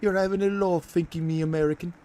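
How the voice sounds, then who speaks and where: A man voicing a brash, mocking British bloke in a put-on British accent, loud and jeering. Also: sits high, steady tone, fast, pitched above the performer's own voice, natural voice.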